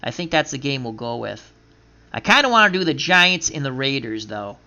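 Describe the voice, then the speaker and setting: A man streaming a simulated football game, chatting casually and running through scores and stats in quick lists, laughing at his own team's losses. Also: mid-range voice, big pitch swings, sharp tone. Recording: dull lo-fi sound.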